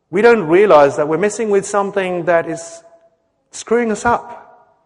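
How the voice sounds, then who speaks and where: A man's voice: high voice, normal speed, pauses often. A middle-aged man preaching a sermon, earnest and conversational, often acting out quotes and putting questions to the congregation. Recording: long hall reverb.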